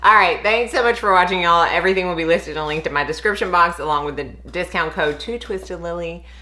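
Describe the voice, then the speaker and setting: A woman's voice: lowish voice, fast talker, bright, forceful tone. A woman, chatting enthusiastically while reviewing perfumes as a beauty vlogger. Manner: chatty, enthusiastic, laughs often. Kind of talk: casual fragrance review chat.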